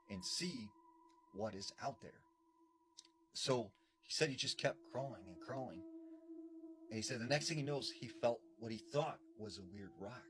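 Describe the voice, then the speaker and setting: A man casually retelling a true encounter story in a loose, conversational way, full of fillers. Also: on the low side. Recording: background noise clearly audible.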